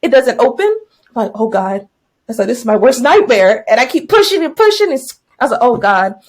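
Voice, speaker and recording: A young woman teacher co-hosting a podcast, telling a story in casual chat and acting out her own yelling and thoughts. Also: a little high, big pitch swings, a little fast. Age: young adult.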